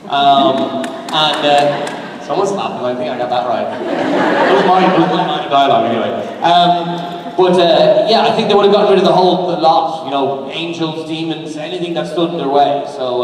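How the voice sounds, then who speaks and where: A man, an actor on a fan convention panel, talking casually in a halting, rambling way with many fillers. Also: a little high. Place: large convention hall. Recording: echoey hall, distant fan recording, crowd noise. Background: audience murmur and hall noise.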